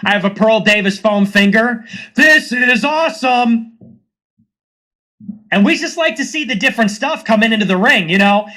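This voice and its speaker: Bright, high-voiced man ranting sarcastically. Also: animated, fast, few pauses. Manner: sarcastic, rambling, slips into mocking put-on voices. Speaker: livestream host. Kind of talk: casual ranting monologue.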